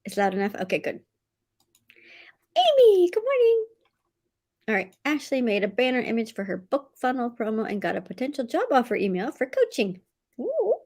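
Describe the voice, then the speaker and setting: A woman hosting a casual livestream, reading out viewer comments from home, laughing often and going high-pitched when excited. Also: a little fast. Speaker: livestream host of writing sprints.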